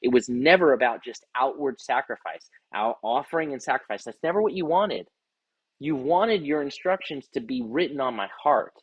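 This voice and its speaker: A man's voice: mid-range voice, slightly rough, no room sound, highs cut off. A man as rabbi giving an earnest devotional Bible teaching, often repeating words as he reads scripture aloud.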